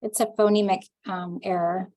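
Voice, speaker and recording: A woman's voice: mid-range voice, steady tone, moderate pace, warm tone. A woman taking part in a teacher workshop, giving short, tentative answers to the presenter's questions. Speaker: workshop participant.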